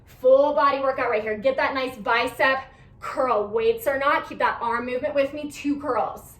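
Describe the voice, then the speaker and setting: A woman's voice: sits high, moderate pace. A young woman fitness instructor cueing a workout class, counting down reps in an upbeat coaching manner while a little out of breath. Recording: echoey room, mic at a distance.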